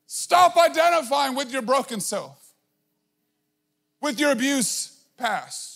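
A man's voice: extremely high pitch, expressive, slow, vocal fry, fairly bright tone. A man in his thirties preaching a sermon in an emphatic, conversational way, full of casual fillers. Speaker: pastor.

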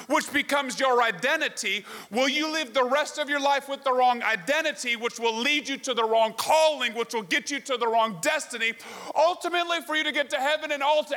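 A man delivers a sermon in a high, sharp-edged voice. He works the room with rhetorical questions and a lively story. His words ring out with a long reverb from the large hall around him. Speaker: pastor.

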